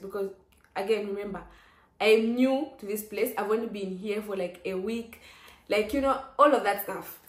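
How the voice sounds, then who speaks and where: Young woman, story-time vlogger, chatty and exclaiming, roomy echo. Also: mid-range voice. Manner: chatty, lively, many "like" fillers and sudden exclamations. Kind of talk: casual storytelling.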